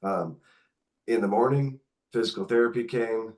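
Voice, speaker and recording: A man's voice: medium pitch, moderate pace. A middle-aged man, a podcast guest, candidly recounting caring for his mother, acting out the dialogue as he goes. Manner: candid, animated retelling with quoted dialogue. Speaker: podcast guest, author and caregiver. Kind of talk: conversational storytelling.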